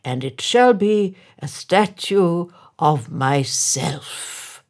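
Woman doing a pompous vain mayor, loud and high, husky, storybook. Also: animated, drawn-out words, exaggerated voice.

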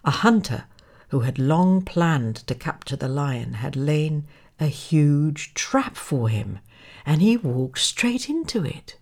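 Slow, expressive woman storyteller. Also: low-pitched. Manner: expressive, dramatic, sometimes hushed. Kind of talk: children's story narration.

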